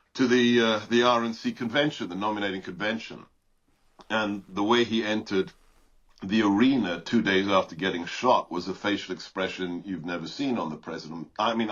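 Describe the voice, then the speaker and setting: A man's voice: lowish voice, fairly bright tone, highs cut off. A man from Britain, a guest giving combative, emphatic political commentary in an interview.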